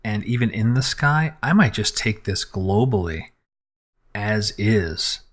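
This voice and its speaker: A man with a fairly low voice talks through an unscripted photo edit as he works. He thinks aloud, narrating each click and adjustment. He pauses with fillers as he decides. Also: lively intonation. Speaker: photographer teaching photo editing. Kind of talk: unscripted live screen-recorded editing tutorial.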